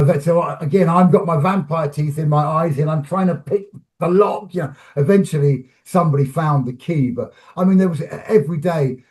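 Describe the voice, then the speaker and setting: A man, a film director and actor, telling animated stories about a shoot in an interview, restarting phrases as he acts out scenes. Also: a little high. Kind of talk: animated anecdotal storytelling.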